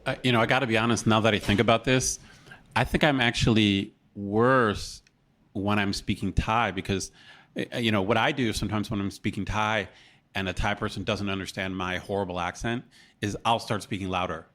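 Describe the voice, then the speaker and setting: A man's voice: fairly low pitch, steady tone, fairly quick, a bit bright. A man co-hosting a casual podcast, rambling and self-deprecating with lots of fillers. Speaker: podcast co-host. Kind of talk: casual chat.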